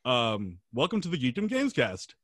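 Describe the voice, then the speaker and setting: A man hosting a gaming podcast over a video call, chatty, rambling and quick to laugh. His voice sits at a mid pitch, and the sound is dry with little room. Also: huge pitch swings, a bit bright, no room sound. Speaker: podcast host. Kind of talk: casual chat.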